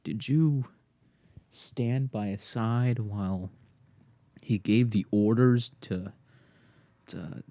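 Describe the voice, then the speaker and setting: A man's voice: lowish voice, extremely slow, pauses often, warm tone, no echo. A young man hosting a solo podcast, rambling and swearing as he teases his dog, often dropping to a whisper. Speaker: podcast host.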